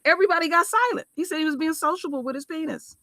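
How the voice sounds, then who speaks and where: Middle-aged woman, high-pitched, talkative, quick reactions. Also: a bit bright, dry recording, studio quality. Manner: exclaiming, chatty, quick asides. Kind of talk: casual chat.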